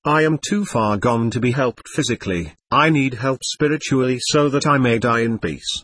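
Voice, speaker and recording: A man's voice: medium pitch, normal speed, fairly bright tone, no room sound, natural voice. A man voicing a weary, dying convict silversmith who tells his story in a weak, bitter way.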